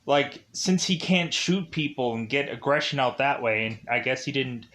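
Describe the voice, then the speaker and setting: A man's voice: mid-range voice, lively intonation, moderate pace, sharp tone. A man giving a casual movie review, rambling and digressive, with constant fillers like "like" and "uh". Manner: rambling and digressive, heavy use of "like" and "uh".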